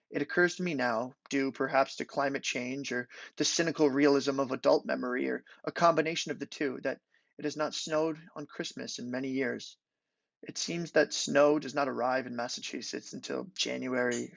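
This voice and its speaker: A young man gives a measured, deliberate reading of his literary prose, his voice gravelly with fry. The sound is close and dry, with a dull, lo-fi tone. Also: medium pitch, dry recording. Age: young adult. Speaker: student reading his thesis. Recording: dull lo-fi recording.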